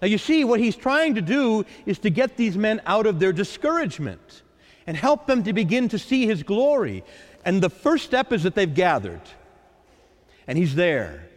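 A man preaching a sermon as a priest, acting out the voices of the Lord and the disciples with lively drama. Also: high voice, moderate pace. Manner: animated, dramatizing the Lord's and disciples' lines. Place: church. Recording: echoey church with long reverb.

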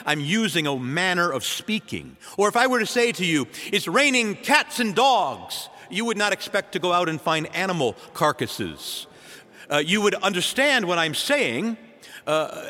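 A man preaching a sermon as a priest, his voice sitting a little high and rising and falling dramatically between loud urgent phrases and hushed lines. His words ring out with a long church reverb. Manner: dramatic preaching with wide swings in pitch and loudness.

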